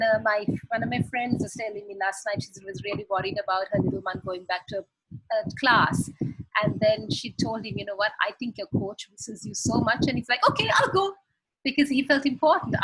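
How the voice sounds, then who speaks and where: Sri lady on a zoom call, husky voice, earnest parenting advice with lots of examples. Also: mid-range voice, fairly even intonation, moderate pace, fairly bright tone, dry recording, poor audio. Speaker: parenting guest expert. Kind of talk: advice talk on a video call. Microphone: video call.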